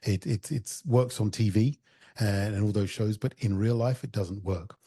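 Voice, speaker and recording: Low, husky male podcast host. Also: moderate pace, warm tone, no echo. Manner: thoughtful, recounting and posing questions. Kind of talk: conversational podcast interview.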